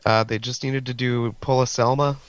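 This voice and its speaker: A man's voice: medium pitch, little pitch movement, moderate pace, no echo. A man co-hosting a podcast, blunt and opinionated in casual chat. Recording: dull lo-fi sound.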